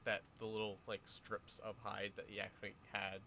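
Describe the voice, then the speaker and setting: A man narrating a tabletop game as its game master, describing the action in a halting, good-humored way, often chuckling. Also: fairly low pitch, monotone, gravelly, sharp tone, a little hiss or hum.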